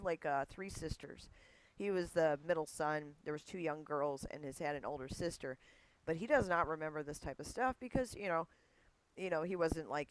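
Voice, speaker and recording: A woman's voice: sits low, poor audio. A woman hosting a podcast, chatting casually and telling family stories with acted-out dialogue. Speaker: podcast host. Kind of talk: casual conversation.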